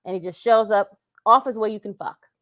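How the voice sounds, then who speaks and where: A woman's voice: medium pitch, fairly even intonation, a little fast, fairly bright tone. A woman co-hosting a podcast, chatting casually and agreeing loosely with some swearing. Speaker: podcast co-host. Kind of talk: casual chat.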